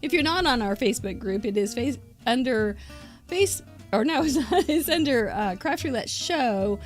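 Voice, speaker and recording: Chatty higher-voiced woman crafter. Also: lively intonation, normal speed, faint music behind. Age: older. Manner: chatty, giggly, thinking aloud. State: out of breath. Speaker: craft show host. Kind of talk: live crafting show chat.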